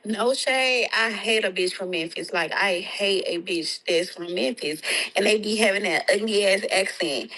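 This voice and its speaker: A woman's voice: medium pitch, pushed and bright, rough recording. A woman posting a profane, insulting rant on social media.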